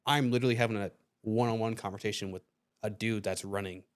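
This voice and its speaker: A man's voice: on the low side, steady tone, quick pace. A young man hosting a podcast, telling a story in casual chat, swearing freely and acting out the voices of people he quotes. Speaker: podcast host.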